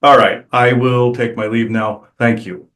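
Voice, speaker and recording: A man channeling on a spiritual podcast, talking casually and haltingly with many "uh" fillers and restarts. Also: mid-range voice, fairly even intonation, fairly bright tone. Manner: hesitant, many "uh" fillers, rambling.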